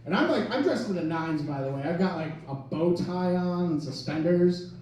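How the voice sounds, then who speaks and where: A man's voice: high voice, lively intonation, moderate pace, a little mellow. A young man from Wisconsin doing stand-up, telling a rambling, self-mocking story full of "like" fillers. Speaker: stand-up comedian. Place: comedy club stage. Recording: echoey club mic from a distance. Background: audience laughter.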